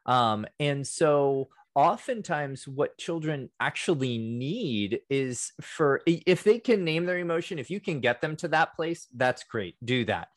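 A man's voice: a little high, a little slow, few pauses, no echo, studio quality. A man co-hosting a podcast, talking casually and acting out the people in his stories. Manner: animated storytelling, acts out quotes. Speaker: podcast co-host; works with fourth graders. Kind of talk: casual discussion.

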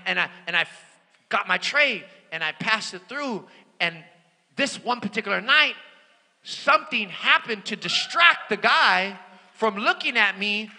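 A male preacher with a very high, piercingly bright voice delivers an animated sermon, dropping to near-whispers and then rising to shouts. His words ring out with a long reverb, as in a big church sanctuary. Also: a little hiss or hum. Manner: animated, swings from hushed to shouting. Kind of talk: sermon with personal storytelling. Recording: long reverb of a large hall.

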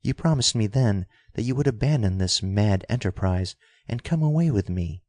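A man's voice: lowish voice, animated, moderate pace, dark tone, no echo. A man doing a desperate, defiant young woman. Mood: impassioned. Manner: impassioned, urgent.

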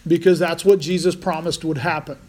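A man's voice: a little high, fairly even intonation, brisk, a little mellow. A man preaching a conversational sermon as pastor, restarting phrases often.

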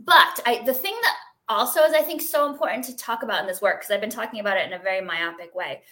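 A middle-aged woman, a guest in an interview, telling her healing story in a chatty, expressive way with lots of fillers and laughter. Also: mid-range voice, fast. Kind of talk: casual interview conversation.

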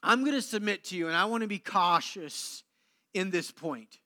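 A man preaching a sermon, moving between loud emphatic declarations and hushed, low passages with dramatic pauses. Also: animated. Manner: slow deliberate delivery with dramatic pauses. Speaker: pastor.

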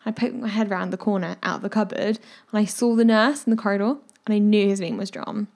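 A woman's voice: mid-range voice, fast talker, darkish tone. A woman junior doctor in casual podcast chat, telling stories and acting out what people said. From United Kingdom. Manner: chatty storyteller, acts out quoted lines.

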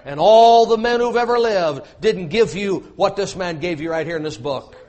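A man's voice: sits high, moderate pace, darkish tone. A man preaching a sermon, emphatic and repetitive, with joking asides to his congregation.

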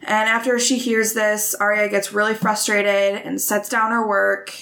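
A woman's voice: mid-range voice, level tone, measured pace, gravelly, pushed and bright. A woman casually retelling a book chapter for a podcast, chatty with many fillers. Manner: chatty, many ums and likes. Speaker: podcast host summarizing a book.

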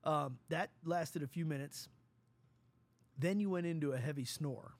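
A middle-aged man, a father, talking casually in an earnest, rambling, halting way. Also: on the high side, no echo. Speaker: father and podcast host. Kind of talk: casual conversation.

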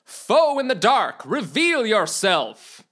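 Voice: medium pitch, sing-song, slow, sharp tone, exaggerated voice. A storyteller voicing a boastful, oblivious young male knight in a comedy storybook, declaiming each line grandly and stretching out the words. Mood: shouting. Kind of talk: storybook reading.

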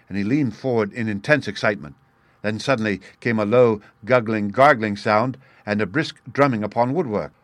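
A man reading a classic detective story aloud as narrator, in a measured, even manner. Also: fairly low pitch, no room sound. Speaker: audiobook narrator. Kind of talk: scripted narration.

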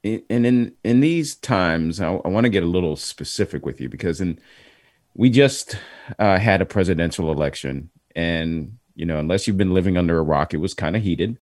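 A man's voice: low voice, animated, moderate pace, a little mellow, no room sound, clean studio sound. A man hosting a podcast, chatting and asking long set-up questions. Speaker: podcast host. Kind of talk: podcast interview.

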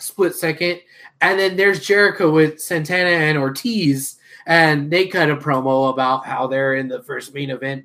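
A man chatting on a casual wrestling podcast. He rambles through a story, swears freely and leans on fillers like um and like. Now and then he jumps into a loud mocking shout. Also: on the high side. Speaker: podcast co-host.

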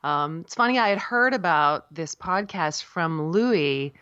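A middle-aged woman from South Florida, a puppeteer and voice actor, telling stories as an animated interview guest. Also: low voice, unhurried, clear, resonant tone, no room sound, highs cut off. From South Florida, USA. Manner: animated storyteller, laughs often, jumps into quoted voices. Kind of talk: casual interview chat.

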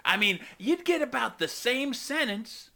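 A man's voice: extremely high pitch, very animated, a little slow, gravelly, bright, forceful tone. A man hosting a comedic call-in show, ranting sarcastically to his listeners. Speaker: radio call-in host.

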